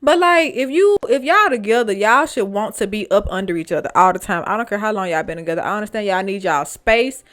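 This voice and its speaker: Animated dramatic woman reacting to posts. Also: mid-range voice, brisk, hardly any pauses. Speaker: storytime vlogger.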